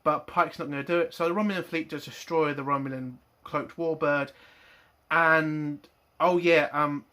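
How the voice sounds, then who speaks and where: A man's voice: a little high, steady tone, normal speed, pushed and bright. A man giving a blunt, exasperated TV review, full of swearing and frustration. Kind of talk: ranting review monologue.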